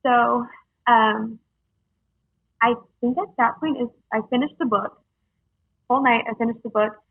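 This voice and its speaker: Young woman, gravelly and husky, halting earnest storytelling, phone-line sound. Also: a little high, fairly even intonation, dry recording. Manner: halting, earnest, many fillers. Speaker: guest sharing her story. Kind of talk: casual storytelling.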